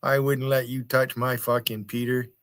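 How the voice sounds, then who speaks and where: A man's voice: mid-range voice, flat delivery, moderate pace, no room sound, studio quality. An American man hosting a livestream, taunting and swearing at people in his chat in a mocking rant. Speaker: livestream host. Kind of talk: profane rant at chat viewers.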